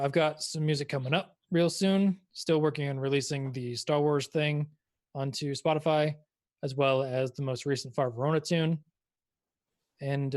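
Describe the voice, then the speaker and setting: A man playing in a tabletop game, chatting casually and rambling with lots of fillers. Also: a little high. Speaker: player and composer. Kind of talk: casual chat.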